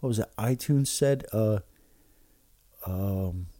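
A man's voice: medium pitch, animated, moderate pace, mellow, no echo, studio quality. A man hosting a podcast alone, rambling and swearing with many fillers and restarts while taking shots of liquor. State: drinking shots while talking. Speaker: podcast host. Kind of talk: casual rambling monologue.

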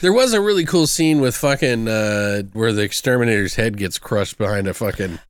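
A man's voice: lowish voice, expressive, normal speed, clear, resonant tone, no room sound, clean studio sound. Profane man chatting about movies. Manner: profane, quotes movie lines in put-on voices. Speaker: podcast co-host. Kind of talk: casual movie review chat.

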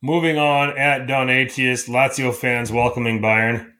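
A man's voice: medium pitch, level tone, unhurried, pushed and bright. A man co-hosting a casual podcast, teasing friends and telling stories. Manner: teasing, tells anecdotes. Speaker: podcast co-host. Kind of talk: casual chat.

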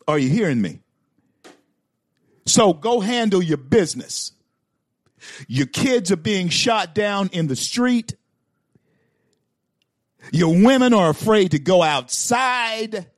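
A man's voice: high-pitched, expressive, takes it slowly, pauses often, dry recording, studio quality. A man hosting a talk show, giving opinionated political commentary with emphatic repetition and stammered restarts. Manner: emphatic, repeats lines for effect.

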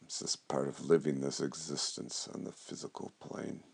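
A man speaking slowly and earnestly about spiritual guidance, his voice dropping low and quiet at times. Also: flat delivery, creaky, husky. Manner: slow, earnest, gets emotional and quiet. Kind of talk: spiritual talk to camera.

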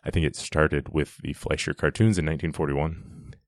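A man's voice: very deep voice, steady tone, normal speed, dry recording, clean studio sound. A man giving a casual, enthusiastic commentary on a film scene, chatty and often restarting his sentences.

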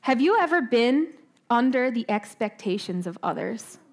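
A woman preaching a sermon in a conversational way, asking her listeners questions and often tagging "right?", slowing down on key points. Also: a little high, sing-song. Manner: slows down for emphasis.

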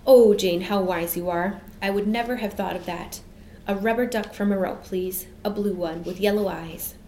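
A woman's voice: medium pitch, normal speed, dark tone, natural voice. A woman reading aloud plays a wide-eyed, delighted young woman from the sky, eager and breathless in a storybook. The voice rings in a roomy space with a faint hum behind it.

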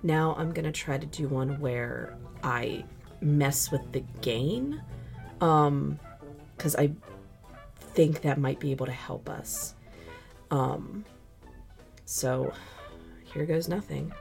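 A woman's voice: low-pitched, takes it slowly, gravelly, pauses often, a little mellow, faint music behind. A young woman voice actor running a mic test, talking to herself in a self-deprecating way and swearing freely. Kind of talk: casual chat.

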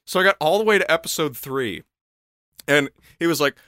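A young man in casual comedic chat, telling an animated story full of laughter and swearing. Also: on the high side, fairly quick, no echo, clean studio sound.

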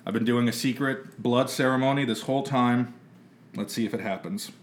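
A man's voice: medium pitch, normal speed, roomy sound, a little hiss or hum. A man hosting a casual podcast chat, teasing his co-hosts with mock-solemn buildups. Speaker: podcast host.

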